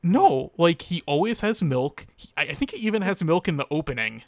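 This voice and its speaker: Deadpan monotone man with a gravelly edge. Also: a little high, brisk, no room sound. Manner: deadpan, sarcastic. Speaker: podcast co-host. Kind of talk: casual chat recapping a show.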